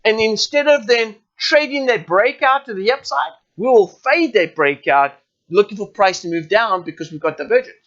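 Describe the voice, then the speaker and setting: A South African forex educator's voice sits high and sounds animated and a bit bright, at a moderate pace, despite dull audio. He walks viewers through live trading charts in a webinar, chatting informally and regularly checking in.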